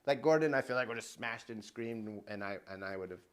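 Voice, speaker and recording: A man's voice: lowish voice, brisk. A man co-hosting a casual podcast, talking eagerly and going off on long tangents. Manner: enthusiastic, rambling, tangent-prone. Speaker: podcast co-host.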